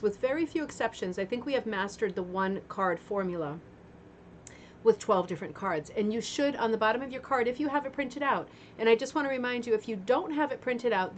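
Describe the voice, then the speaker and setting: Woman host, home livestream, slightly high voice, friendly chatter, faint fan hum behind. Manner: chatty, greets viewers one by one. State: recovering from a sore throat. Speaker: livestream host of a craft club. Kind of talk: casual livestream chat. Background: fan running.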